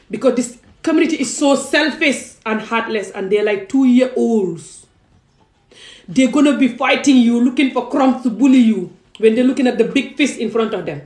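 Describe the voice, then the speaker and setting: A young adult woman vlogger speaks straight into a phone or camera facing her, delivering an impassioned, pleading monologue packed with rhetorical questions. Her high voice has lively intonation at a moderate pace. The recording is rough and reverberant.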